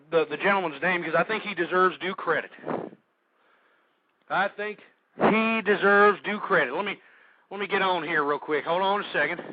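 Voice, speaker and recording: A man hosting a talk radio show, ranting and agitated and shouting at times. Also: sits high. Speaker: radio host. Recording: dull lo-fi dry radio recording.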